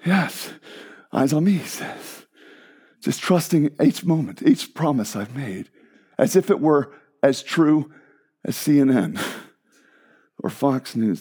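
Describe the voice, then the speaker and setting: A male pastor delivers a sermon with a slightly higher voice. He shifts from loud, emphatic proclamation to quiet, hushed passages and talks to his listeners in an excited, conversational way. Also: normal speed. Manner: excited, conversational preaching with asides to the congregation.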